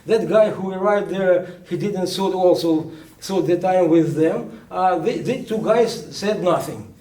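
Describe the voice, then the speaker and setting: A man, a journalist recounting events at a book presentation in a halting way, full of restarts. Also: high voice, warm tone. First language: Ukrainian. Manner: halting, many restarts and fillers. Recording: echoey room, speaker far from mic.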